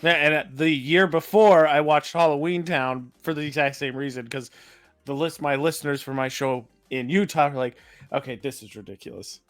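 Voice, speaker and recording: A man's voice: a little high, fairly even intonation, normal speed, no room sound, soft background music. A young man co-hosting a live stream, who also hosts a radio show, joking easily with his co-host. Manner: easygoing, teasing banter. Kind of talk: casual live-stream chat.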